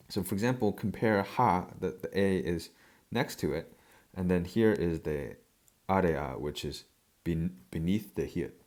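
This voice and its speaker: A man with a very low, deep voice walks through a language lesson at his own unhurried rhythm. He hesitates often, with fillers and an occasional cleared throat, as he explains each point. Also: darkish tone. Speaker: language teacher.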